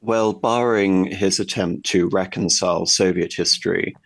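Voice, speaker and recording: A man discussing history at length in a conversational way, pausing often with fillers and restarts. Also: low voice, fairly even intonation, fairly bright tone, dry recording. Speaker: guest history commentator.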